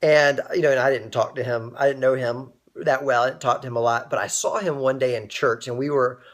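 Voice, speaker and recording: A man's voice: mid-range voice, fairly even intonation, a little fast. A young man hosting a casual inspirational livestream, telling a personal story and greeting viewers by name as they join. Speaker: livestream host.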